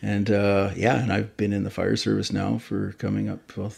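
A man's voice: lowish voice, flat delivery, moderate pace, vocal fry, darkish tone, slightly rough. A man in his fifties from Canada, a fire chief telling stories in a casual interview, rambling and correcting himself as he goes. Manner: rambling, self-correcting storyteller.

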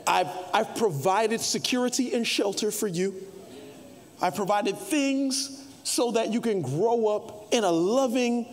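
A man preaching a sermon, shifting from conversational asides to playful mock shouting. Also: high-pitched, measured pace. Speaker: pastor. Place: church sanctuary. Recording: reverberant hall.

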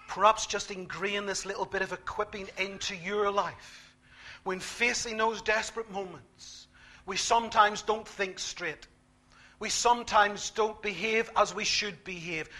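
A man preaching a sermon, emphatic, repeating key phrases and swinging between quiet, slow lines and loud ones. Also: high voice.

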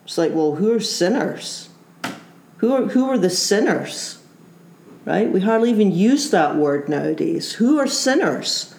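A woman's voice: mid-range voice, animated, unhurried, gravelly, darkish tone, a little hiss or hum. A woman preacher giving an earnest sermon, full of rhetorical questions and repeated phrases. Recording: roomy echo.

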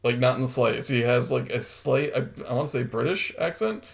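A man's voice: medium pitch, a little fast, creaky. A man co-hosting a podcast, chatting casually about a film and throwing in wry jokes. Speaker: podcast co-host. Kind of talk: casual film review chat.

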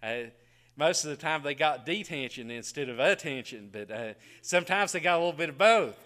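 Preacher guy, middle-aged, high bright voice, folksy storytelling, chuckles a lot. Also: lively intonation, brisk. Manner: folksy storytelling, chuckles often, drops to quiet asides. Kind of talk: folksy sermon.

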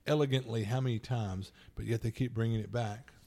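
A man co-hosting a podcast in casual, rambling chat, getting animated when he acts out quotes. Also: medium pitch, brisk, gravelly. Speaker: podcast co-host.

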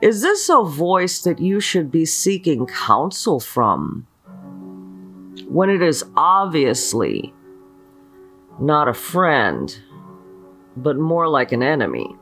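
An earnest spiritual teacher leads a mantra in a slow, deliberate motivational talk, often asking rhetorical questions and checking in with "okay." His mid-range voice swings hugely up and down in pitch, with faint guitar music playing softly underneath.

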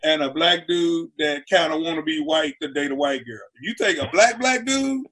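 A comedian guest on a talk show, telling stories in a lively way and acting out quotes, sometimes shouting. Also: male voice, on the high side, normal speed. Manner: acts out quotes with loud shouting asides. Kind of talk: animated storytelling on a talk show.

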